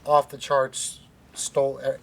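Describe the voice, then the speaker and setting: A man interviewing a guest, asking questions in a loose, conversational way with halting phrasing. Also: mid-range voice, completely flat delivery. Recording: faint background noise.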